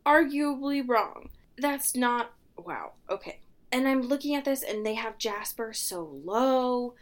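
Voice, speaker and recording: A woman co-hosting a podcast in casual chat, animated and quick to laugh as she rants. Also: a little high. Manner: animated, ranting, laughs often. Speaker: podcast co-host.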